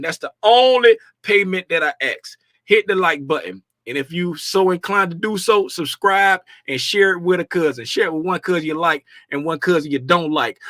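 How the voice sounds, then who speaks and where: A man's voice: fairly high pitch, a bit bright, no room sound, clean studio sound. A man from Florida hosting a daily trading livestream, chatting casually and playfully in slang and greeting viewers by name. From Florida, USA.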